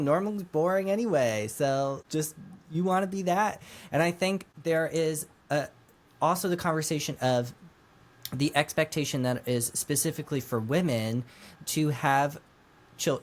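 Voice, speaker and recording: A man co-hosting a podcast, discussing a novel casually and thinking aloud as he goes. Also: medium pitch. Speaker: podcast co-host.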